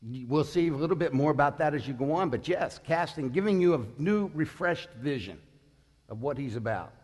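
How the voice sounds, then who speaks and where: A man's voice: a little high, animated, normal speed, a little mellow, breathy edge. Man in his sixties, pastor preaching, conversational, asks the congregation questions, long hall reverb. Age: 60s. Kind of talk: sermon.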